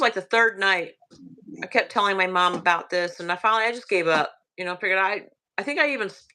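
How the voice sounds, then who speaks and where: A woman with a Southern US accent casually recounting a ghost story, hushed and halting with many fillers. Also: mid-range voice.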